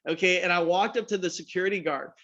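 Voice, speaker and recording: A man telling a business story on a podcast, acting out the dialogue with lively energy. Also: high-pitched, fast, muffled recording. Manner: animated anecdotal storyteller, acts out dialogue. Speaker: guest entrepreneur.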